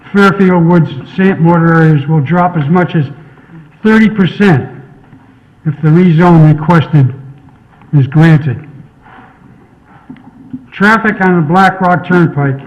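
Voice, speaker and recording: An older man, a resident speaking at a town public hearing, reading a prepared statement in a formal, measured and slightly halting way. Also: fairly high pitch. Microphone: podium mic, later table mic. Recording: dull lo-fi local broadcast audio.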